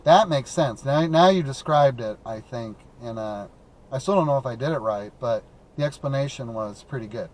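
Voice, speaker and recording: Here a Midwestern host takes calls while driving, chatting loosely on a live stream. The voice is mid-range and a bit dark, the pace moderate, and the talk rambles with frequent fillers and restarts.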